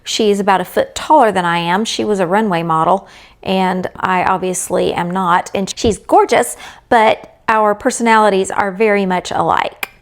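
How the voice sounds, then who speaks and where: A woman's voice: mid-range voice, moderate pace. A middle-aged woman chatting casually as a crochet vlogger, rambling in a friendly way and talking straight to her viewers.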